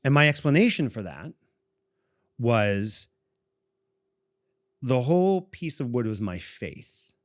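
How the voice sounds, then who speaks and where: Taking it slowly with frequent pauses, a sing-song, medium-pitched man from Boston in his forties co-hosts a podcast and meanders through a long personal story, chuckling often. The recording is dry with clean studio sound.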